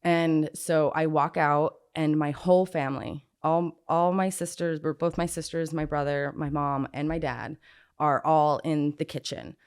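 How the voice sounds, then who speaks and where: A woman with a notably low voice recounts her own story as an interview guest. She is candid and unfiltered, filling her speech with "like" and dropping swear words as she goes. She grew up in Southern California. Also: steady tone, a little slow, a little mellow, clear, resonant tone. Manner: frank and unfiltered, peppered with "like" and swearing. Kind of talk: recounting a personal story in casual conversation.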